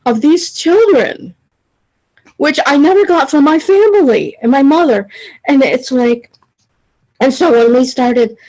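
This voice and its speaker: A woman sharing personally in a group video call, talking in a halting, rambling way with many restarts, emotional and confessional. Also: high voice, a little mellow, poor audio. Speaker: study group member sharing.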